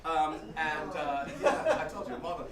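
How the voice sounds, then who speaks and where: A man's voice: on the high side, unhurried, over a noisy crowd. A middle-aged man telling stand-up stories in a chatty, self-deprecating way, full of restarts and fillers. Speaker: guest storyteller. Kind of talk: stand-up storytelling. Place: small comedy venue. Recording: roomy hall mic, from a distance, noisy.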